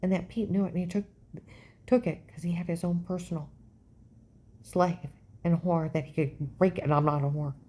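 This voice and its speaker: A middle-aged woman with a lowish voice talks straight to camera in an intense, rambling monologue. She piles one claim on the next and keeps checking in with the listener by asking "okay?". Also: steady tone, moderate pace, long pauses, mellow. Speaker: vlogger.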